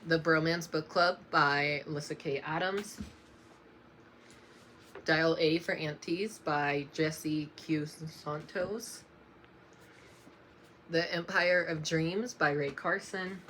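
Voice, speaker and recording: A young woman reading off a list of books in a casual vlog, slow and unhurried, often apologizing with a soft laugh. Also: low-pitched, fairly even intonation, a little hiss or hum. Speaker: book vlogger.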